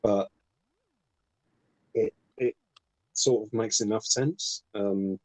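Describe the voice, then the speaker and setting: A man hosts an online call in a somewhat low voice with a dry, close sound. He talks in a relaxed, thoughtful way and hesitates now and then while he works through an idea. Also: slow pace, no echo, rough recording. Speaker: host of a modular synth stream. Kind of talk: casual technical chat.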